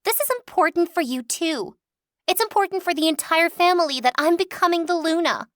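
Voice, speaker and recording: A woman's voice: very high voice, expressive, fairly quick, fairly bright tone, no echo, voice pushed up. A woman voicing a whiny, spoiled eighteen-year-old werewolf girl who pouts and wheedles in an audiobook. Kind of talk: audiobook dialogue.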